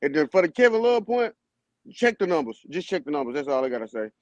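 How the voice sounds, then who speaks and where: A man on a basketball podcast panel, arguing his side in casual heated debate with quick comebacks. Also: on the high side, sing-song, a little mellow, no room sound, muffled recording.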